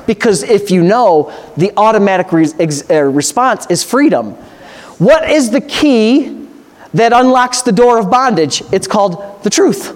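A man's voice: high voice, expressive, unhurried. A man, a pastor, preaching a sermon with passionate, repetitive emphasis.

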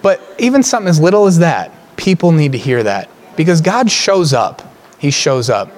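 A man preaching as a pastor, telling a story with humor, laughing often and jumping much higher in pitch when excited. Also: moderate pace. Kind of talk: storytelling sermon.

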